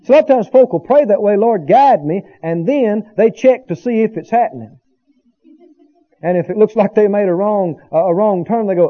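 A man's voice: high voice, very animated, normal speed, dull audio. A man preaching a sermon as pastor, building to emphatic bursts and asking the congregation for agreement. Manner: preaching with rising emphatic bursts and call-and-response asides.

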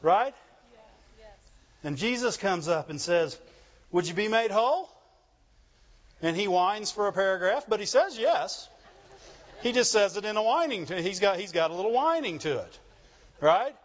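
A man preaching a sermon in an animated call-and-response manner, asking the congregation for agreement. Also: sits high, moderate pace, long pauses, dull audio. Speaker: pastor.

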